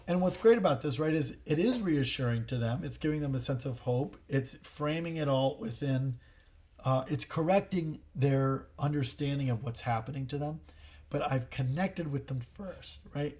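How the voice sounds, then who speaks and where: A man's voice: on the high side, normal speed, a little mellow. A man co-hosting a casual parenting chat, explaining tips earnestly and acting out what he says to his child. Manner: earnest, explanatory, acts out short quotes. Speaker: podcast co-host, father.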